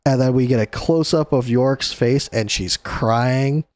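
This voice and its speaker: A young man hosts a casual comic chapter recap in a loose, easygoing way, chuckling as he goes. His voice sits in an ordinary middle pitch. The sound is close and dry. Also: a little slow, darkish tone, no room sound. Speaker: host.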